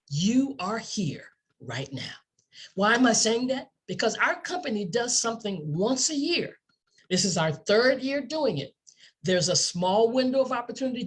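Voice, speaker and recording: A woman's voice: medium pitch, husky. A woman giving an enthusiastic sales presentation, asking the listener rhetorical questions and repeating words for emphasis. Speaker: company presenter.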